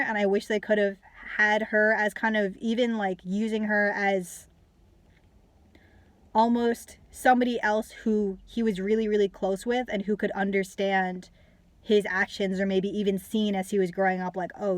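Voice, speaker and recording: A woman's voice: mid-range voice, steady tone, normal speed, no echo. A young woman casually reviewing a book, ranting with lots of fillers and some swearing.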